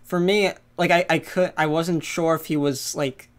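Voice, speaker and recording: A man's voice: on the high side, steady tone, normal speed. Hesitant man musing over a movie. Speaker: podcast co-host. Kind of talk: casual movie discussion.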